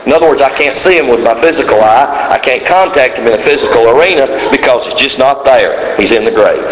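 A man's voice: medium pitch, a little fast. A man preaching a sermon to a congregation, emphatic and repeating key words for stress. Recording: echoey hall with long reverb, faint hiss.

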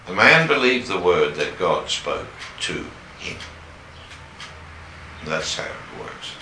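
A man preaching a sermon, slow and emphatic, pushing up on the key words. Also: sits low, bright, forceful tone, slight background noise. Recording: echoey room with faint ambience.

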